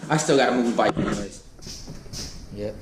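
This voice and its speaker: A man's voice: fairly low pitch, fairly quick, echoey room, very noisy. Easygoing Southern man vlogging. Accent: Southern American. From American South. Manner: easygoing, rambling. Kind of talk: casual vlog chat.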